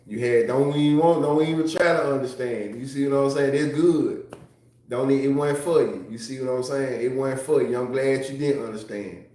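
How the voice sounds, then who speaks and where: In a very echoey room, a man talks loosely to his livestream audience, swearing freely and often laughing as he wanders between stories and reading chat. His voice is warm and of ordinary male pitch, at a moderate pace.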